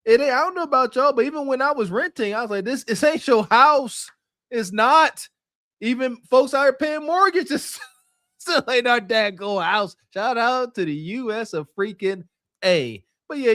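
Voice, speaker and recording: A man's voice: very high-pitched, normal speed, fairly bright tone, no room sound, studio quality. A man co-hosting a podcast, giving mocking, emphatic commentary. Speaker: podcast co-host. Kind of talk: casual commentary.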